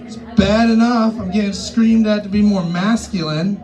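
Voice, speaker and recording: Stand-up man at a bar gig, high-pitched, rambling and crude, live club sound with music behind. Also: fairly even intonation, moderate pace. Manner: rambling, profane, self-mocking. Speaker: stand-up comic. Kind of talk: loose live stand-up set. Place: comedy bar stage.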